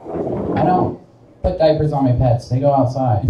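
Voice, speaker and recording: Rambling young comic in an echoey bar. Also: male voice, medium pitch, animated, slow pace, background noise. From Wichita, Kansas. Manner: rambling, self-deprecating, laughs at own jokes. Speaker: stand-up comedian. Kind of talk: stand-up comedy set. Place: small bar, live stage. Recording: echoey bar room, voice from a distance.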